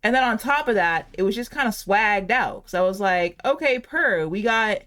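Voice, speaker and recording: A woman's voice: medium pitch, fairly quick, fairly bright tone. A woman in her late twenties chatting casually over gameplay, rambling and giggly, saying "like" a lot. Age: late 20s. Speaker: gaming channel host.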